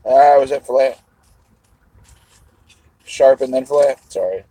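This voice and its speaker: A husky-voiced man rambles loosely to his live chat between bites, cursing offhandedly. His voice sits at an ordinary middle pitch, with a breathy, slightly rough edge. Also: takes it slowly, mellow, no room sound, rough recording. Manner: rambling, swears casually, talks to chat while eating. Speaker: livestream host.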